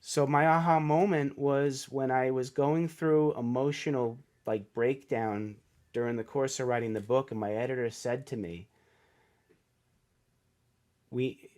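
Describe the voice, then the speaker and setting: A man's voice: medium pitch, fairly even intonation, measured pace, a little mellow. Middle-aged male author, guest on a podcast. Earnest, emotional storyteller with a mid-range voice. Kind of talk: casual storytelling interview.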